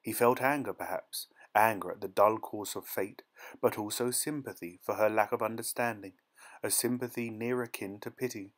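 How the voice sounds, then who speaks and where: A man narrating an audiobook short story in a soft, gentle dramatic reading style. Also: fairly low pitch, normal speed. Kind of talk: scripted narration.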